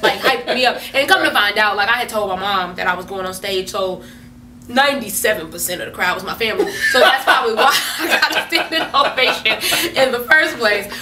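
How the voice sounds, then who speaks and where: A woman comedian is a guest in an interview, chatty and laughing as she tells animated stories. Her voice is bright. The room sounds echoey and the mic is at a distance, with a faint hum. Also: medium pitch, fairly quick.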